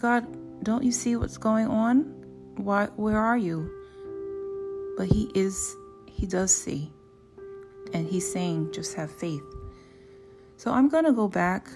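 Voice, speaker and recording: Earnest woman praying over soft guitar. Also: fairly low pitch. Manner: earnest, with frequent restarts and repeated words. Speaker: podcast host. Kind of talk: prayer, Bible reading and personal testimony.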